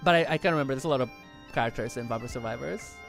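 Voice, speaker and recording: A livestream host chatting casually over photos in a rambling, excitable way, often correcting themselves mid-sentence. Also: mid-range voice, rapid-fire, gravelly, soft background music.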